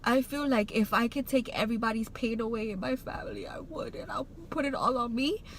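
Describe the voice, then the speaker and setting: A woman's voice: on the high side, wildly swooping pitch, fairly quick, slight background noise, low-quality recording. A woman vlogger telling a heartfelt personal story, rambling with many fillers and restarts, emotional and choked up at times. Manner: emotional, getting choked up while recounting.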